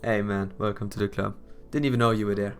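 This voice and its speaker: Hoarse, laid-back male streamer. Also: lowish voice, flat delivery, fast, soft background music. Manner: laid-back, chatty with viewers. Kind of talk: casual live stream commentary.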